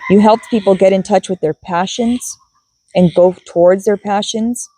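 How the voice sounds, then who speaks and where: Husky woman doing a spiritual card reading. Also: medium pitch, steady tone, moderate pace, mellow, rough recording. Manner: musing, thinks aloud, repeats key words. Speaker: tarot and oracle card reader.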